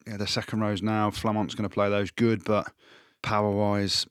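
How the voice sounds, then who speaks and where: A man co-hosting a casual sports podcast, chatty and excitable, his voice jumping up when he jokes. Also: moderate pace, clean tone, no room sound, clean studio sound. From Wales. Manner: excitable, jumps up in pitch when joking. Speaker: podcast co-host, pundit.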